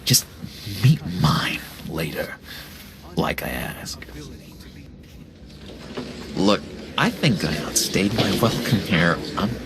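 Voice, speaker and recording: Game role: low, gravelly, unhinged ex-inmate, whispers and lurches, faint music behind. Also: male voice, lively intonation, takes it slowly, pauses often, background noise, heavily acted. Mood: evasive. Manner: erratic, whispery, swings from pleading to threatening. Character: unstable, clingy man, ex-asylum inmate with sudden menace. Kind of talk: video game voice acting.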